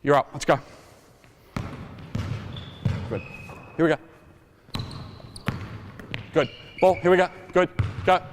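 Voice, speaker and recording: A man in his forties coaching basketball players through a drill, energetic and joking as he calls out instructions. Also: a little high, takes it slowly, long pauses, background noise. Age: 40s. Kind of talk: coaching clinic demonstration. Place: indoor basketball court. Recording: reverberant gym hall. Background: basketballs bouncing.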